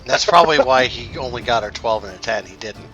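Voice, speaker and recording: A man running a tabletop game as game master, relaxed and quick to laugh while making rules calls. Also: mid-range voice, lo-fi sound, loud music behind the voice.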